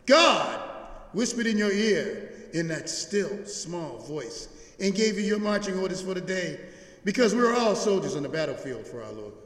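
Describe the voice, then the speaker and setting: Animated preacher man in an echoey church. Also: high voice, moderate pace. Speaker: pastor. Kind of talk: sermon. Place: large church sanctuary.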